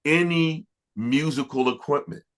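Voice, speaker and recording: A middle-aged man, an R&B producer, telling stories in a casual interview, animated and stumbling over restarts. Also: fairly high pitch, a little slow. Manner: animated, laughing storyteller with many restarts.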